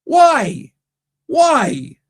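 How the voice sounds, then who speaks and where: A man's voice: very high-pitched, huge pitch swings, drawn-out words, no echo. A man hosting a fan channel, giving live watch-along commentary on a match from a studio, ranting in exasperation and tagging "man" onto nearly every line.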